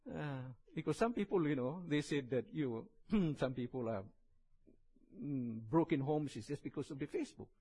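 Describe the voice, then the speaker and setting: A man with a strong Indonesian accent preaching in a church, chatting and joking before he reads scripture slowly. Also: on the high side, lively intonation, mellow, poor audio. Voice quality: husky, heavily accented English. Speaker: visiting preacher. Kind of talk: sermon.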